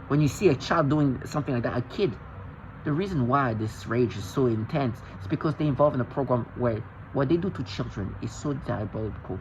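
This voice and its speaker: A man's voice: mid-range voice, fairly quick, a little hiss or hum. Agitated man rambling on a dull recording. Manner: agitated, intense, with frequent restarts and repetitions. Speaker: vlogger. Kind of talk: rambling monologue to camera.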